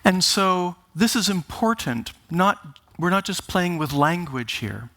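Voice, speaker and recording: A man giving a conference talk, speaking deliberately and with emphasis, opening with wry jokes. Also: high-pitched, expressive, bright, forceful tone. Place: conference stage.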